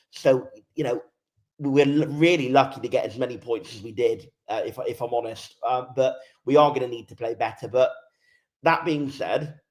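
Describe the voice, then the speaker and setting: A man talks football on a fan podcast in a mid-pitched, ordinary voice. He is frank and lays out his argument step by step. It is casual, unscripted chat. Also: a little mellow. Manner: candid, structured argument. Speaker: podcast pundit.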